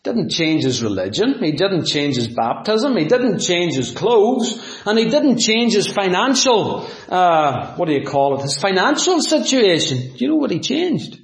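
A man preaching a sermon, dramatic and full of rhetorical questions, swinging from loud to hushed. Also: high-pitched, big pitch swings, a little slow, few pauses. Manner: asks the audience rhetorical questions. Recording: echoey room.

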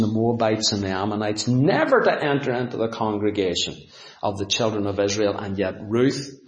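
A man preaching a sermon, dramatic and full of rhetorical questions, swinging from loud to hushed. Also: medium pitch. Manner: asks the audience rhetorical questions. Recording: echoey room.

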